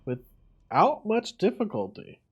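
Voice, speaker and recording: A man serving as game master, narrating a tabletop game with vivid, unhurried combat descriptions. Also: high voice, huge pitch swings, a little mellow, husky, highs cut off.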